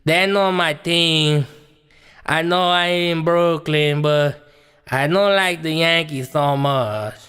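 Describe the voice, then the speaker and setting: A man's voice: a little high, takes it slowly, a bit bright, clear, resonant tone. A man voicing a cheerful immigrant man caller with a mock accent and broken English, in an echoey hall. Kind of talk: comedy sketch role-play.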